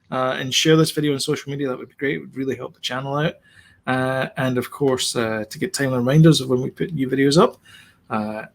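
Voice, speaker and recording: Slightly high-voiced podcast host. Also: male voice. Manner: relaxed and hesitant, full of "uh" while wrapping up. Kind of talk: casual chat.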